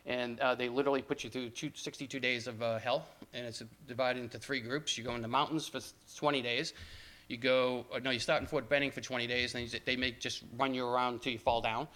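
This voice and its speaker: A man's voice: mid-range voice, level tone, quick pace, bright, forceful tone. An older man giving a talk to journalism students, telling stories in a conversational way with frequent restarts and asides. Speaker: guest speaker.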